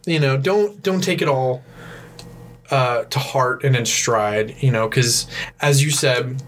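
A man's voice: mid-range voice, takes it slowly, a bit bright, slight background noise. A young man from West Texas with a West Texas accent, co-hosting a podcast in a casual, rambling chat full of restarts. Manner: rambling, restarts, swears when exasperated. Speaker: podcast co-host.

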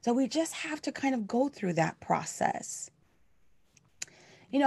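A woman's voice: on the low side, no room sound. Earnest woman minister, dry close sound. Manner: earnest and heartfelt, conversational with many fillers. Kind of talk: sermon.

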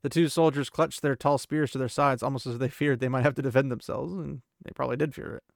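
A man's voice: medium pitch, fairly even intonation, fast talker, vocal fry, no room sound, studio quality. A man hosting a podcast and recapping a book chapter in a chatty, casual way full of fillers and asides. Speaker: podcast host.

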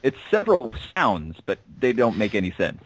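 Low, lively man rambling in chat. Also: normal speed, slight background noise, poor audio. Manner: rambling, restarts, frequent likes. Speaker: podcast co-host. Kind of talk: casual chat.

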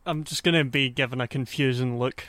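Brief: a deadpan man at a game table, short flat replies, mid-pitched. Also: a little fast. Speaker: player. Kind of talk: in-character tabletop play.

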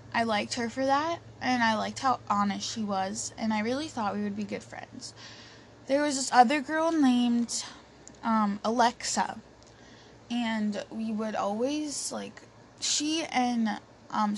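A woman's voice: on the high side, slow pace, gravelly. A young woman telling a personal story in a chatty way, with many fillers and restarts. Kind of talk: casual storytelling. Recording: faint background noise.

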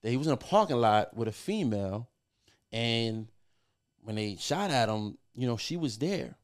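Male guest spinning a profane story, lively pitch swings, mid-range voice. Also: moderate pace. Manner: animated, profane storyteller who acts out quotes. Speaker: podcast guest. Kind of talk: casual storytelling.

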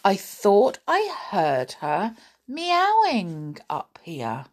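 A woman voicing a busy grown female housekeeper with a brisk, puzzled manner in a storybook. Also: mid-range voice, huge pitch swings, a little mellow, heavily acted.

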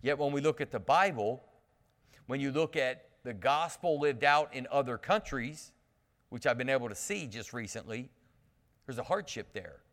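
A man's voice: medium pitch, moderate pace. Male pastor preaching in an echoing church. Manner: lively storytelling with humor and call-outs to the congregation. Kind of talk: sermon. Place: church sanctuary. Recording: long reverb of a church hall.

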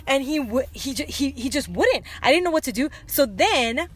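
A woman's voice: sits high, moderate pace, crowd noise. A woman in her thirties co-hosting a podcast, telling a story in casual chat and acting out the quotes as she goes. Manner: animated storytelling, acts out quotes. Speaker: podcast co-host.

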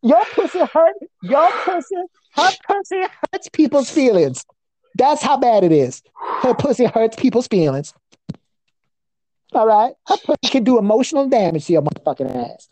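A woman's voice: a little high, sing-song, normal speed, mellow, no echo, poor audio. A woman guest on a comedy podcast, delivering a crude, profane roast in a mocking voice and breaking into nonsense singsong chants.

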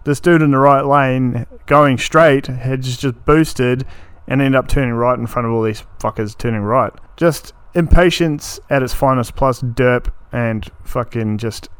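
A man's voice: medium pitch, a little slow, clear, resonant tone, dry recording. A man in his thirties, from New Zealand, hosting a solo podcast in a blunt, sweary, ranting way. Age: 30s. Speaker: podcast host.

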